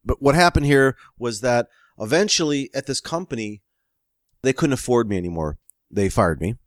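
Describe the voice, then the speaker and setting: A man's voice: medium pitch, lively intonation, normal speed, no echo, clean studio sound. A man telling a long anecdote about his screenwriting work in a casual chat, laughing often and acting out quoted phone calls. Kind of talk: casual podcast storytelling.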